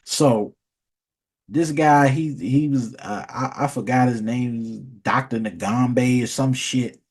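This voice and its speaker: A man's voice: mid-range voice, slow, darkish tone, breathy edge. A man ranting casually in a vlog, rambling and profane, often restarting and repeating words. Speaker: vlogger. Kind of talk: casual storytelling rant.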